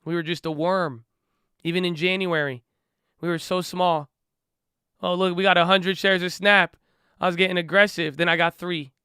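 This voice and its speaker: A man with a high, bright and clear voice talks straight to his viewers about investing. He is animated and emphatic, leaning on slang and firing back at critics. The sound is dry and close. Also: normal speed, long pauses, dry recording. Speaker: investing vlogger. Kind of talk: casual excited talk to viewers.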